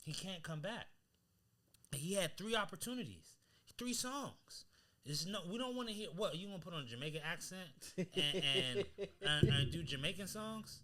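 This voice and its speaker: A man co-hosting a podcast in casual chat, talking in an animated, emphatic way full of slang. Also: sits high, normal speed. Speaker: podcast co-host.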